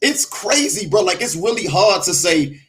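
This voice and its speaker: A male podcast host interviewing a guest, his voice a touch high. He gets excited and stumbles through repeated words, throwing in bro and man as he goes. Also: normal speed. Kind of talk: casual interview.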